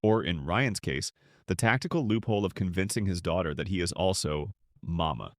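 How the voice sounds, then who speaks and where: A man's voice: low-pitched, moderate pace, no room sound, clean studio sound. A man narrating a celebrity compilation in a scripted voice-over.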